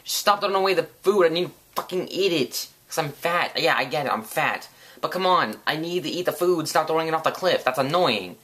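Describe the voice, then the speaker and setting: Male vlogger doing fed-up chubby hobbit, whining, bright timbre. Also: fairly high pitch, expressive, a little fast, breathy edge. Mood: exasperated. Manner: exasperated, complaining.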